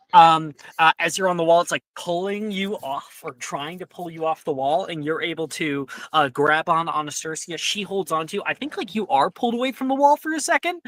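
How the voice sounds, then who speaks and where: A man's voice: high-pitched, sharp tone, no room sound. A man narrating as game master in a streamed tabletop game, casual and given to swearing. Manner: casual, swears, quick asides. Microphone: headset or desk mic on a stream.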